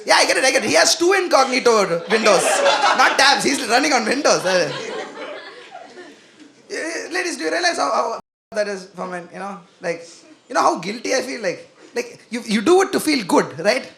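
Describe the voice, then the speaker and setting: A young man performing a self-deprecating stand-up comedy set on a comedy club stage, animated and acting out quoted voices, into a handheld stage mic. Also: very high voice, moderate pace, vocal fry, crowd noise.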